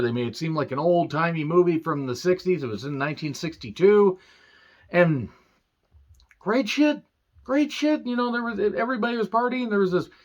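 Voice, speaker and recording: A man's voice: medium pitch, muffled recording. A man giving a casual, rambling film review rant with sarcastic asides and profanity. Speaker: movie reviewer.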